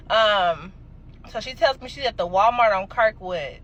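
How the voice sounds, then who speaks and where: A young adult woman telling a casual storytime, animated and emphatic, swearing freely. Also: a little high, moderate pace, muffled recording.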